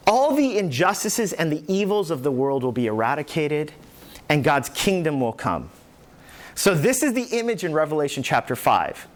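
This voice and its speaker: A man preaching a sermon as pastor, animated, acting out the voices in the scripture he tells. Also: fairly high pitch, normal speed. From New York.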